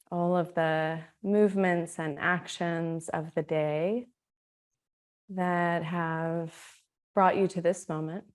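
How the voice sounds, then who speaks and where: A woman leads a guided meditation with a calm, soothing delivery. Her voice sits fairly low and she takes her time, leaving words room to settle. The tone stays gently inviting throughout. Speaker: meditation teacher. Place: Australia.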